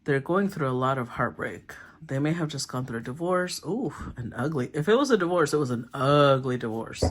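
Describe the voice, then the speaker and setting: A woman giving a casual tarot reading, thinking aloud, often clearing her throat and murmuring as she names the cards. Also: extremely low pitch, expressive, a little fast. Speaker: tarot reader.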